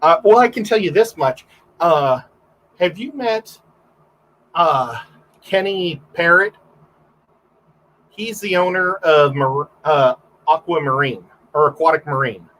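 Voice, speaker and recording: A man's voice: fairly high pitch, takes it slowly, long pauses, a bit bright, poor audio. A man, a photographer, guesting on a livestream and telling rambling stories in casual chat, full of fillers and restarts.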